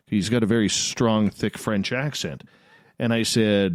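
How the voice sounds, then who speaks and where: A man hosting a late-night radio talk show, telling a story in a lively, repetitive way. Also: on the low side, normal speed, no echo, clean studio sound. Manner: animated storyteller, repeats words. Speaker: radio host.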